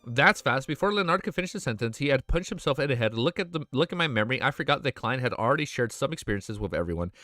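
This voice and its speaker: A man streaming, reading a web novel aloud and breaking off to react with excited, emotional swearing. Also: medium pitch, fast talker, hardly any pauses, no echo. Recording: faint music behind.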